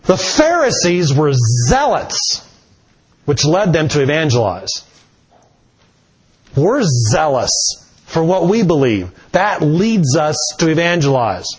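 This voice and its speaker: Man, preacher, sermon, unhurried delivery, animated pitch. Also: husky. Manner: slow, deliberate preaching with emphatic rises.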